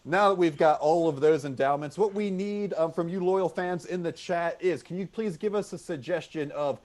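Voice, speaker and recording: A man's voice: fairly high pitch, normal speed, a little mellow. A man hosting an online improv comedy game, upbeat, repeating the audience suggestions back and calling out the rules over a video call. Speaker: referee and host of an improv show.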